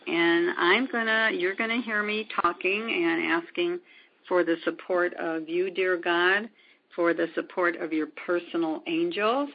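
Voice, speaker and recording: A woman with a gravelly, husky, fairly low voice tells a story at a measured pace during a conversation. She's a spiritual healer appearing as a guest, and she retells events using quoted dialogue and lots of ums. The recording sounds dull and lo-fi.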